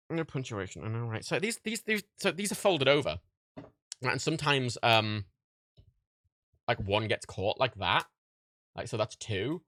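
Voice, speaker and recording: A man's voice: mid-range voice, sharp tone, no echo. A man chatting casually on a livestream while packing orders, ranting with heavy swearing and frequent laughter. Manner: profane, ranting, laughs often.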